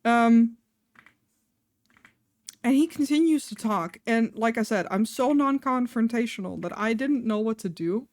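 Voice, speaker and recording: A woman's voice: on the high side, expressive, unhurried, a little mellow, dry recording. A young adult woman streamer telling a personal story in a chatty way, full of fillers and laughing between lines. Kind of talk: casual storytelling on a live stream.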